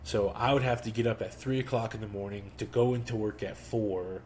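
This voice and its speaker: A young man hosting a podcast, telling a personal story slowly and reflectively, with pauses. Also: on the low side, steady tone, darkish tone, slight background noise. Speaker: podcast host. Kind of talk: storytelling monologue.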